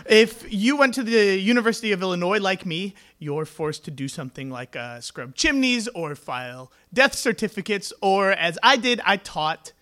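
A young man with a tenor voice performing a stand-up comedy set, telling stories deadpan and laughing at his own jokes. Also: high-pitched, normal speed, hardly any pauses.

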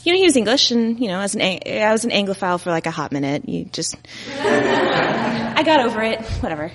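A woman's voice: medium pitch, very animated, fairly quick. A woman from Dallas telling stories on stage, playful and laughing often. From Dallas, Texas. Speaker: storyteller on stage. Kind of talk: live stand-up storytelling. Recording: live hall with long reverb.

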